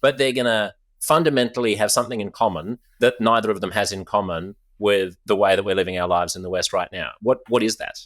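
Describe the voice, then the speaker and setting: A man hosting an interview podcast, animated, laughing often and restarting his sentences. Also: fairly low pitch, brisk, hardly any pauses, dry recording, studio quality. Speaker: podcast host. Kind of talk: conversational interview. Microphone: studio microphone, headphones.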